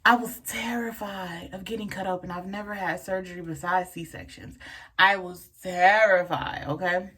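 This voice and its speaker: A young woman telling a personal story in a casual vlog, frank and profane, full of fillers and lively asides. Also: fairly low pitch, moderate pace, husky. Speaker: vlogger telling a birth story.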